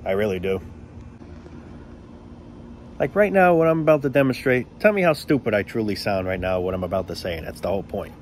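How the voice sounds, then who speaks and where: A man's voice: lowish voice, lively intonation, fairly quick, long pauses, slight background noise. A man ranting casually to the camera in a blunt, profane, sarcastic way.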